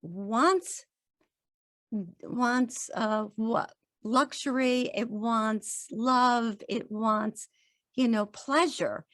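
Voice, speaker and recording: Speaking extremely slowly in a slightly high voice, a woman guesting on a podcast offers earnest encouragement and lively acted-out quotes during casual interview chat. The audio is clean studio sound with no echo.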